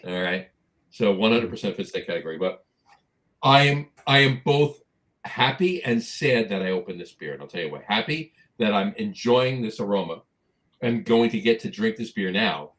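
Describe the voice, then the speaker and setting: Enthusiastic New Jersey podcast host. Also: male voice, fairly low pitch, animated, moderate pace, a bit bright. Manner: enthusiastic, repeats himself for emphasis. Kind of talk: casual chat.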